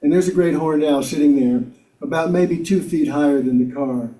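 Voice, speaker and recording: A man's voice: on the high side, moderate pace, dark tone, distant mic. Older man telling wry stories, roomy hall. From South Carolina, US. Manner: wry, self-mocking storyteller with frequent chuckles and fillers. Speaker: guest speaker. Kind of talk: storytelling talk to a congregation. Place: community meeting hall.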